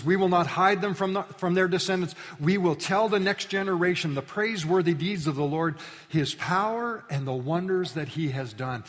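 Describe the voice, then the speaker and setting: A man preaching a sermon as pastor, swinging from loud rallying calls to quiet, low appeals. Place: church sanctuary. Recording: long reverb of a large hall.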